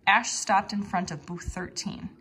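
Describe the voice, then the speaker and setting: A woman's voice: medium pitch, steady tone, unhurried, sharp tone, slight background noise. A woman reading a children's mystery storybook aloud, with playful voices for the mouse characters. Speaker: read-aloud narrator.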